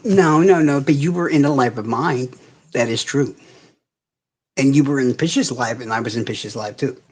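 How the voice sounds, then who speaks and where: A man's voice: medium pitch, normal speed. A man hosting a casual livestream, ranting in heavy profanity and answering viewers' comments directly. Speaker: livestream host.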